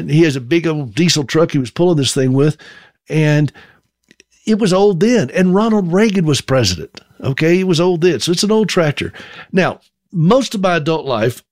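A man's voice: a little high, expressive, moderate pace, no echo, studio quality. A man in his fifties from South Carolina with a Southern accent, telling humorous, self-deprecating stories in a folksy monologue. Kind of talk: storytelling monologue.

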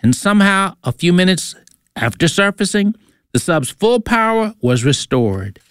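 An earnest man narrates a faith story, his voice sitting somewhat high. The sound is dry and close, with no room to it. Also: big pitch swings, measured pace, fairly bright tone, clean tone, dry recording. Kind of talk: told religious story.

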